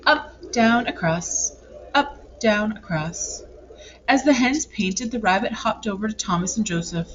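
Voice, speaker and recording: A woman reading a children's picture book aloud in an expressive, lively way. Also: mid-range voice, a little slow, slight background noise. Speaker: storybook reader. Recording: dull lo-fi recording.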